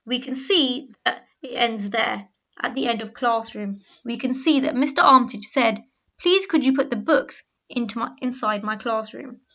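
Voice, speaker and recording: A woman teaching a grammar lesson, explaining clearly and patiently and slowing down on key words. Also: fairly high pitch, a bit bright. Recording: dull lo-fi voice-over.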